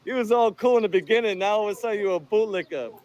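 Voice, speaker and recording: A man's voice: sits high, very fast, darkish tone, highs cut off. A man filming outdoors on a handheld phone, taunting people in a profane, combative way. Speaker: video host filming encounters. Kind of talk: confrontational street filming.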